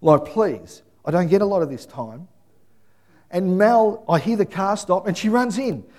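A man, middle-aged, preaching a sermon and telling family stories with lively acted-out voices. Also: a little slow. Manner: animated storytelling, acts out voices, high excited calling. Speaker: pastor.

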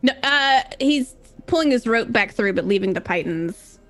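A woman's voice: on the high side, expressive, moderate pace, fairly bright tone, faint music behind. A woman player in a tabletop game, chatty and casual. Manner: chatty and giggly.

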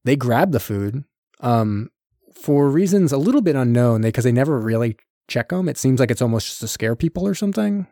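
Animated man retelling a movie. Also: mid-range voice, no echo, clean studio sound. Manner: animated retelling, slipping into quick character voices. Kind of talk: casual film recap chat.

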